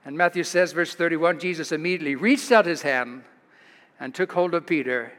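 American male pastor, high-pitched, animated storytelling sermon, church reverb. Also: a little fast. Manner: animated, chuckling storyteller, rises in pitch for dramatic moments. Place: church sanctuary.

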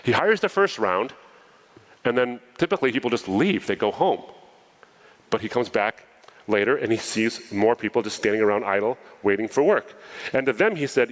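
In a poorly recorded clip, a man with a medium-pitched voice preaches a sermon. He reads a parable aloud with animated storytelling, breaking off into casual asides to explain the scripture.

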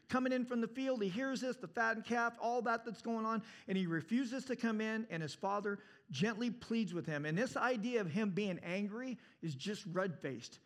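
A male preacher delivers a sermon with an animated, storytelling drive. His voice sits high, and he swings from loud emphasis to hushed passages. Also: moderate pace, hardly any pauses.

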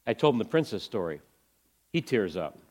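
Man, ministry speaker, earnest storytelling talk, drops quiet then lifts with excitement, lower pitch. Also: normal speed. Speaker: ministry speaker presenting to a church audience.

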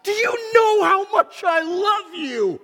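Brief: a man playing a joyful, emphatic father in a sermon retelling, high voice, reverberant hall. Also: big pitch swings, takes it slowly, bright, forceful tone, full character voice. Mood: loving. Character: loving, joyful old father.

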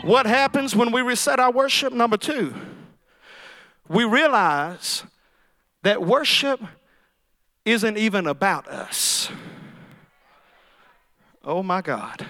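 High-voiced shouting preacher man. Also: lively intonation, no echo, faint music behind. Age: middle-aged. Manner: preaching with rising shouts and drawn-out emphasis. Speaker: pastor. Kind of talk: sermon.

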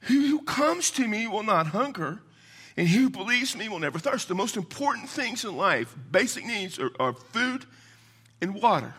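A man's voice: high-pitched, bright, forceful tone, husky. A man preaching a sermon in a folksy, conversational way, mixing scripture with casual asides. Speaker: pastor.

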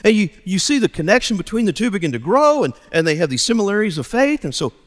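A man, a pastor preaching a sermon and telling stories with lively acted dialogue. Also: sits high, fast talker, big-room sound. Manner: animated storytelling, acts out dialogue.

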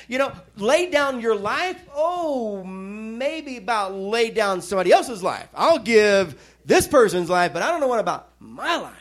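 High-pitched guy preaching, telling his story, chatty and self-mocking. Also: very animated, moderate pace. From Missouri. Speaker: pastor. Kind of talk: sermon with personal testimony.

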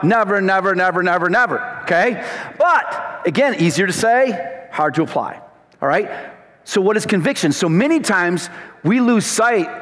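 A man preaching a sermon to a congregation, swinging from emphatic shouts to low, quiet asides. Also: in a large hall. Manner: emphatic, rising to shouts then dropping low.

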